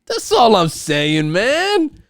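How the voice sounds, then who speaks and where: A man hosting his own podcast from home, talking in a rambling, profane way and getting loud and riled up when he rants. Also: mid-range voice, moderate pace, clean tone, dry recording, clean studio sound. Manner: profane, rambling, repeats and restarts. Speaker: podcast host. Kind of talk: casual monologue. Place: at home, household noise nearby.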